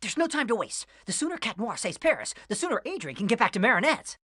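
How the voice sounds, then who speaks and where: A woman voicing a small, lazy magical creature who talks quickly and grumbles. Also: on the high side, very animated, bright, forceful tone, no echo, studio quality, exaggerated voice. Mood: impatient.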